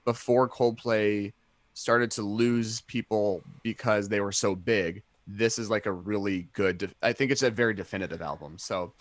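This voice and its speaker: A man's voice: lowish voice, steady tone, moderate pace, dry recording. A young adult man co-hosting a casual podcast chat, rambling enthusiastically with many fillers and restarts. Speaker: podcast co-host.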